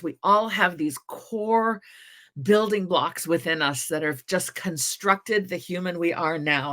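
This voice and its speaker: A middle-aged woman on a panel, telling a personal story in an animated, expressive way with quoted dialogue. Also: low voice.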